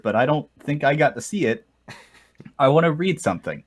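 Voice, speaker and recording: A man's voice: a little high, lively intonation, a little fast. A young man co-hosting a casual podcast, chatting and reading aloud while breaking into laughter. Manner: reads aloud with bursts of laughter. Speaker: podcast co-host.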